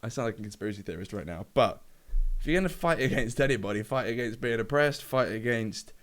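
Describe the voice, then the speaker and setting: A man's voice: medium pitch, lively intonation, fast talker, fairly bright tone. Man ranting off the cuff. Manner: rambling, swears freely, many fillers. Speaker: gaming YouTuber. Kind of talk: unscripted rant to camera. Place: his own room, alone. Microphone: camera in room.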